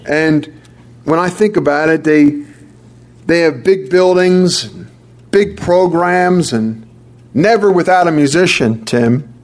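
A man preaching a sermon in a fairly high voice. He leans hard on key phrases, repeats them for weight, and stumbles into quick restarts as he builds his point.

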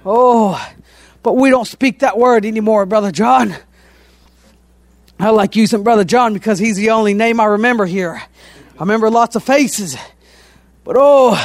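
A male preacher with a strikingly high voice delivers a fervent sermon, swinging from easy, folksy talk into ringing shouts. His voice is recorded close and dry, with no room sound. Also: no room sound. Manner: impassioned, often breaks into shouting; folksy, repeated "oh" between phrases.

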